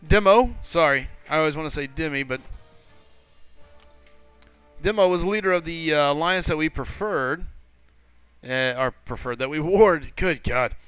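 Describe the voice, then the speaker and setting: A man hosting a gaming livestream, chatting casually as he greets viewers and reads chat messages aloud. His voice is bright and forceful, sits a touch high, and comes across smooth and crisp. He rambles loosely, stumbling over words and correcting himself. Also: unhurried, pauses often, dry recording, soft background music. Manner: loose and rambling, with frequent fillers and self-corrections.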